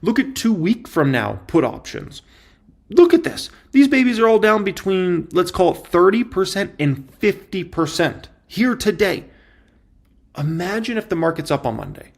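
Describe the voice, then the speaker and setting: A man giving casual stock market commentary in an emphatic, excitable way, repeating his points for effect. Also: sits high, normal speed, gravelly.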